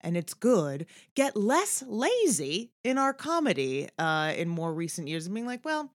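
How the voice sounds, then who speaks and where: Woman in her forties, podcast co-host, animated pitch, dry close sound. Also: no room sound. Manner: lively, chatty, quick to laugh. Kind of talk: casual chat.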